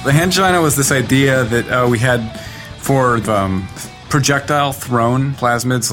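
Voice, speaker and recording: Man, game developer, casual interview, rambling, filler words, mid-pitched voice. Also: a bit bright. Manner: rambling, lots of fillers and hedges.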